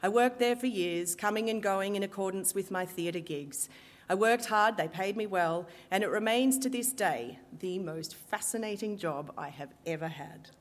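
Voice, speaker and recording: A woman performer telling a true story in a lively, wry way with dramatic pauses. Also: mid-range voice. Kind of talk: live storytelling. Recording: long hall reverb.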